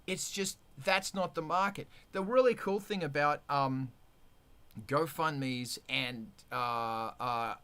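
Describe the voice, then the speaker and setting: A man hosting a casual livestream chat, talking in an animated, rambling way with restarts and swearing. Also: fairly high pitch. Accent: Australian. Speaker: livestream host, musician.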